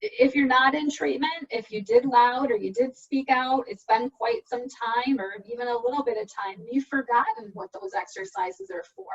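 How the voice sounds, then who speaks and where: A high, somewhat breathy-voiced woman works patiently through speech exercises as a speech therapist, one step at a time. She comes over a dull, lo-fi video call and sits a little back from her microphone. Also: expressive, normal speed, few pauses. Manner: patient, step-by-step explaining with spoken demonstrations. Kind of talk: online support group presentation. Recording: dull lo-fi call audio, from a distance.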